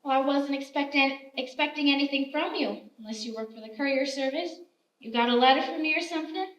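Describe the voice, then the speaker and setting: A woman's voice: high voice, fairly quick, fairly bright tone, far from the mic. An actress playing a motherly, scolding frontier woman who bakes biscuits, acted live on a theater stage. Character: kindly, bossy frontier woman baker. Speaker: stage actor. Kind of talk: live stage play acting. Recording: roomy theater stage, heard from afar.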